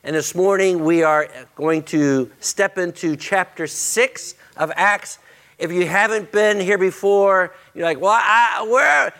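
A man's voice: sits high, steady tone, measured pace. A man, a pastor making church announcements with joking banter before starting his sermon. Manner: joking, warm-hearted banter with the congregation. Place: church auditorium.

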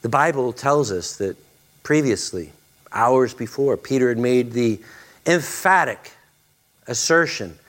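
A man's voice: medium pitch, animated, measured pace, a bit bright. A male pastor preaching a sermon, dramatic and repeating phrases for emphasis.

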